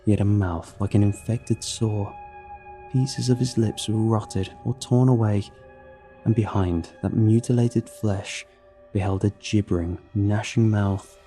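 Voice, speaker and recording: A man reading a horror story aloud in a measured, grim way. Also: fairly low pitch, steady tone, mellow. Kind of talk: scripted horror narration. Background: faint music.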